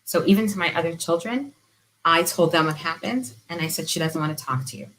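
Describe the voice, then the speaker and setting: A middle-aged woman giving gentle, earnest advice as a support counselor in an informal talk. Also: fairly low pitch, brisk, a little hiss or hum, rough recording. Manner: briefly drops to a whisper.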